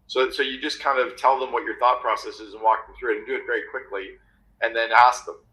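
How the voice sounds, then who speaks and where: A man's voice: medium pitch, steady tone, fast talker, pushed and bright, poor audio. A man talking as a guest on a business podcast, confident and telling anecdotes with acted-out quotes. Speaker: guest author on meetings. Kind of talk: podcast conversation.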